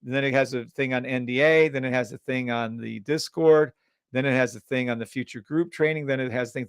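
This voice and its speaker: A man hosting a live trading stream, pitching a scanner and ranting bluntly at viewers, swearing freely and sounding exasperated. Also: brisk, clear, resonant tone, no room sound, clean studio sound. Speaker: trading livestream host.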